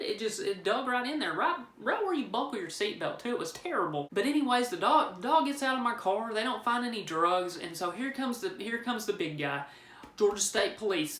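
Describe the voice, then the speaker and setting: A man's voice: sits high, pushed and bright. A man telling a personal story in a rambling, joking way, often restarting his sentences. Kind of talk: casual storytelling. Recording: roomy echo.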